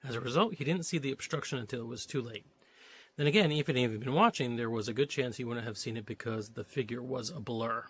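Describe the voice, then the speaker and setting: A man's voice: medium pitch, quick pace, a bit bright, slightly rough, dry recording. A man reading a novelization aloud, stopping now and then to joke and comment on the story. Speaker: reader of a novelization.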